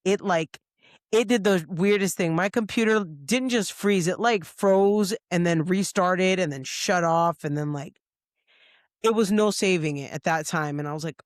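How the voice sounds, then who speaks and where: A woman co-hosting a podcast, telling a casual story with lots of swearing and quick impressions of other people's voices. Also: lowish voice, no echo, studio quality. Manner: profane, lively, acts out others' lines. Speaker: podcast co-host. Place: podcast studio.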